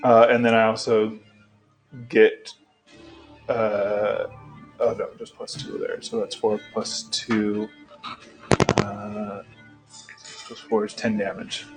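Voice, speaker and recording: A man playing a tabletop game, talking slowly and haltingly as he works out his turn. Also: on the low side, flat delivery, soft background music, rough recording. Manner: slow and halting, bursts into shouts. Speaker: player.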